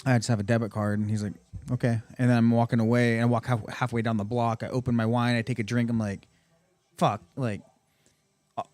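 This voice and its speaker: A man's voice: medium pitch, flat delivery, fast talker, a little mellow. A man telling a long personal story in casual podcast chat, full of profanity and acted-out quotes in a raised voice.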